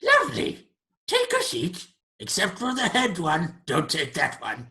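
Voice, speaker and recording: A man voicing a shrill, pushy creature butler that fawns over guests but bosses them around. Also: huge pitch swings, unhurried, bright, forceful tone, full character voice. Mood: fawning. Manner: squeaky, insistent, fussy.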